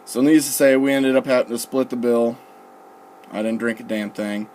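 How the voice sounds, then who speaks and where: A young man casually telling a story, profane and relaxed, quoting people with "I'm like" and "he goes.". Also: medium pitch, normal speed, slight background noise. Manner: profane, laid-back, quotes others with "I'm like" and "he goes". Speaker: storyteller recalling his recruit days.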